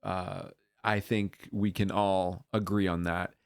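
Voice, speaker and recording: A man reacting to a dance video on his channel, gushing with excited whoops and earnest talk full of ums and uhs. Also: sits low, takes it slowly, creaky, no echo, studio quality. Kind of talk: casual reaction vlog.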